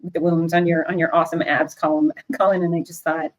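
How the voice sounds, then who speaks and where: Low-voiced woman hosting an interview. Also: little pitch movement, fast talker. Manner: candid and emphatic. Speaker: host.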